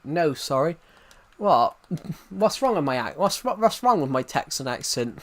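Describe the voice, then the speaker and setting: A man's voice: on the high side, sing-song, unhurried, a bit bright. Rambling young streamer guy. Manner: rambling, many restarts and fillers, chatting to viewers. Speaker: gaming streamer. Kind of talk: casual live-stream chat.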